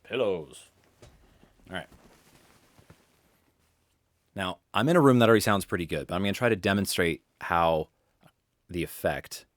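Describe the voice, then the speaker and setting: A man's voice: low voice, normal speed, pauses often, no room sound. A man coaching voice actors in a live webinar from his home studio, talking casually and rambling, often restarting his sentences. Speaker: voice-over coach.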